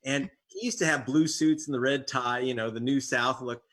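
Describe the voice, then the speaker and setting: A man's voice: medium pitch, fairly even intonation, normal speed, a bit bright. A man, an investigative reporter and author, being interviewed as a guest, talking in a wry storytelling way with sarcastic jabs. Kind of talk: interview conversation.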